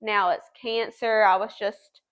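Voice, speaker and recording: A woman's voice: mid-range voice, little pitch movement, unhurried, dull audio. A woman, telling her personal story to a host in an earnest, chatty way. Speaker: guest.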